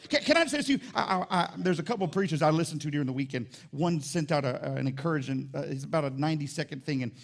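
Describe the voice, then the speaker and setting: A man preaching with a gravelly, slightly raised voice. His delivery is animated and full of jokes, and it swings from quick asides to shouted high points. Sunday sermon style. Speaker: pastor.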